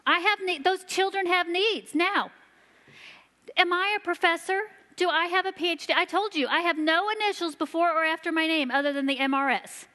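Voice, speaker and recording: A woman giving a sermon to a church, telling stories earnestly and slowing down for emphasis. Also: extremely high pitch, pushed and bright. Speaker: church children's ministry leader. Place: church sanctuary. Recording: long reverb of a large hall.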